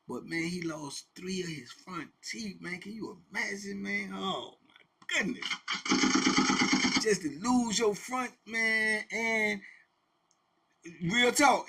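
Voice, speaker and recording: A middle-aged man casually telling a prison story, animated, with sound effects and quoted voices. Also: sits high, breathy edge. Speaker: host telling prison stories.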